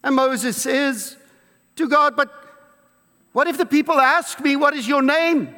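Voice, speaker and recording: High-voiced man preaching in an echoing hall. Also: bright, forceful tone. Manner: emphatic preaching with slow, drawn-out stresses and quoted scripture. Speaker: pastor. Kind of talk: sermon. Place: church. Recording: long reverb of a church hall.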